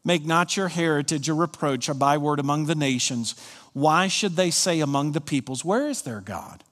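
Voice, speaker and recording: A man from Colorado preaching a sermon as pastor, emphatic and swinging from hushed lines to soaring ones. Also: fairly high pitch, moderate pace, long reverb tail.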